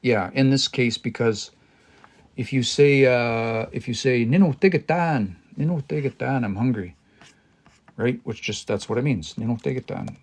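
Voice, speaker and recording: A man with a medium-pitched voice teaches a language on a livestream at normal speed. He thinks aloud and explains word by word, restarting and hesitating often.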